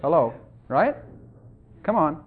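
A middle-aged man preaching an informal sermon in a folksy, animated way, often asking the congregation questions. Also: on the high side, slow, breathy edge. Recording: dull lo-fi sound.

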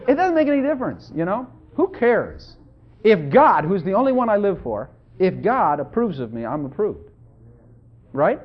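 Animated folksy male preacher, lo-fi recording. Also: sits high. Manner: folksy, animated, asks the congregation questions. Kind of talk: informal sermon. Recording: dull lo-fi sound.

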